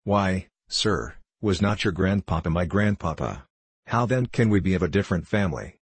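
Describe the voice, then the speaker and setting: A man reading the part of a spirited, innocent young gentlewoman in an audiobook. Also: deep voice, animated, normal speed, breathy edge, dry recording. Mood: protesting. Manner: earnest, protesting.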